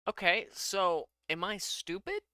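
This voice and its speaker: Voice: medium pitch, sing-song, a little slow, sharp tone, clean tone, no room sound, clean studio sound. A programmer thinking aloud while coding in a casual vlog, muttering to themself and laughing at their own mistakes.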